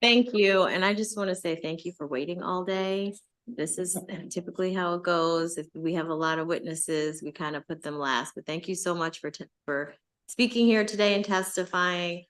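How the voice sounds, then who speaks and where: A woman's voice: on the low side, normal speed. A woman chairing a legislative committee, thanking a witness in a friendly, chatty way. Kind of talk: casual remarks from the chair.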